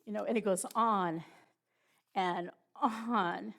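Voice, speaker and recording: A middle-aged woman giving a personal testimony at church, halting and emotional, with many pauses and restarts. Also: medium pitch, steady tone, vocal fry.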